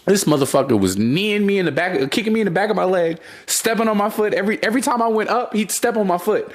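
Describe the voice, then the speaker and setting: A man's voice: high-pitched, lively intonation, fast. A young man co-hosting a podcast, telling stories in a loose casual chat, laughing often and swearing freely. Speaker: podcast co-host.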